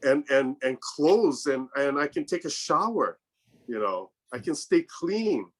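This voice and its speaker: A man telling a story casually on a video call, acting out the people he quotes in a higher voice. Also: animated, unhurried. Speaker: storyteller in a group chat.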